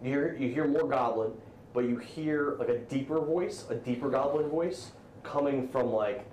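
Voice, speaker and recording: A man's voice: medium pitch, normal speed, darkish tone. A man running a tabletop game as game master, narrating in a loose, hesitant way. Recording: roomy, distant mic with faint hiss.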